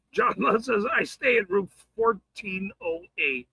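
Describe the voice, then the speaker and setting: Male streamer, angry profane rant, sharp bright voice, lively pitch swings. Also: slow, creaky, slightly rough, no echo, low-quality recording. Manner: profane, taunting, swings between shouting and muttering. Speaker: livestream host. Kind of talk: angry ranting livestream.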